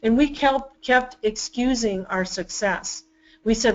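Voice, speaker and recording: A woman's voice: a little high, muffled recording. Enthusiastic woman presenting a webinar. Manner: enthusiastic, storytelling with quick restarts. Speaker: webinar presenter, department chair. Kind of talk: webinar talk.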